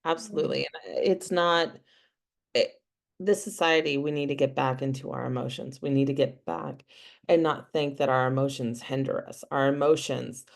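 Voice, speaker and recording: Heartfelt woman guest with a gravelly, fry-heavy voice, casual and filler-laden, on a video call. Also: rumbling low, moderate pace. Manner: heartfelt, peppered with "like" and "you know". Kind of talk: casual interview chat.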